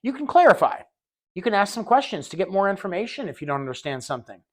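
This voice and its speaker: A man with a slightly high voice leads a recorded training lesson for healthcare aides. His delivery is casual and conversational, full of repeated words as he restarts sentences. He keeps slipping into short acted-out scenes to show what he means. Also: sing-song, quick pace. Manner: conversational, acts out little scenes in quoted voices.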